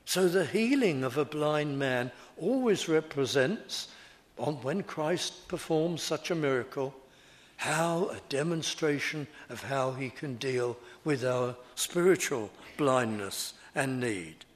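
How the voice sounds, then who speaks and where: Slow, deliberate male preacher. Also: medium pitch, lively intonation. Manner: slow, deliberate, repetitive phrasing. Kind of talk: sermon.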